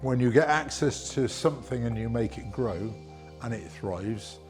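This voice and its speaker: A man with a mid-range voice talks with earnest passion about the project he started. Clear music plays under his words throughout the documentary interview. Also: medium pitch, measured pace, a little mellow. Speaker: project founder.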